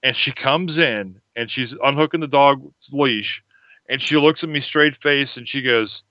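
A man who is a podcast guest and tells an anecdote in a lively, casual way. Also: mid-range voice, a little slow, no room sound, muffled recording. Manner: animated anecdote telling. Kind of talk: casual storytelling chat. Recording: crowd chatter behind.

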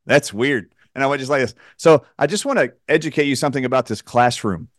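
A man's voice: mid-range voice, quick pace, dry recording. Man telling stories, dry close sound. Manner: animated anecdote-teller who acts out quotes; joking, outspoken. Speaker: radio show host. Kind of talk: storytelling on a radio talk show.

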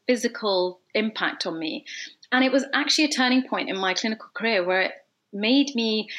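A woman's voice: mid-range voice, a bit bright. A woman in her thirties from London, a dentist, whose English accent now carries a slight Scottish twang, talking reflectively and earnestly in an interview. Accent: mix of English and Scottish. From London, England. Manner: reflective, earnest, many fillers. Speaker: dentist guest. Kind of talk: conversational interview.

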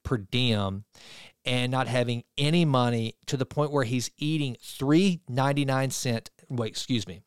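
A male talk show host, telling a story in a casual, animated way and acting out the people in it. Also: medium pitch, measured pace, clean tone, dry recording, clean studio sound. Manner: animated, conversational, retells a story with quoted voices.

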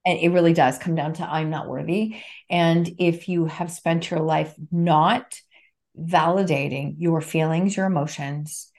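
A woman in her fifties speaks as a guest in a casual podcast conversation. Her voice sits fairly low, and she talks earnestly, coming back to key phrases to drive her points home. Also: steady tone, a little slow, darkish tone. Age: 50s. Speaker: podcast guest, NLP trainer and author.

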